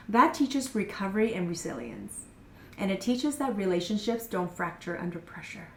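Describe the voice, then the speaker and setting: A woman in her thirties speaks in a calm, measured voice, slowing down to let key points land. Her voice sits at an ordinary pitch for a woman. The room gives it a noticeable echo, and there is faint background noise. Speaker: parenting coach. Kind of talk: scripted masterclass talk.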